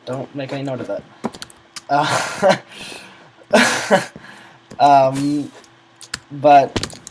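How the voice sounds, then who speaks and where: A man's voice: mid-range voice, level tone, extremely slow. Teen guy rambling into his computer mic, keeps losing his train of thought, typing noise behind. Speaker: gamer recounting a server's history. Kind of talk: rambling casual storytelling.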